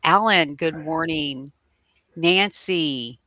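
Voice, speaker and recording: Slow, bright-voiced woman guest. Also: low voice, no room sound. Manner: relaxed, slow, with frequent fillers. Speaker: guest co-host. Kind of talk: casual livestream chat.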